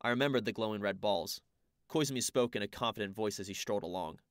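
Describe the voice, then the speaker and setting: A man's voice: lowish voice, fast talker, clean tone, no room sound, studio quality. A man narrating an audiobook dramatically in the first person, with a wry, exasperated manner.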